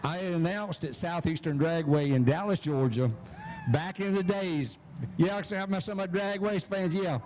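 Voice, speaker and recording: A man with a Southern US accent, announcing live at a drag strip on a handheld mic, folksy and quick, tripping over his words. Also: high-pitched, a little mellow, a little hiss or hum. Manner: fast-talking, folksy, slips on words. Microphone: handheld microphone.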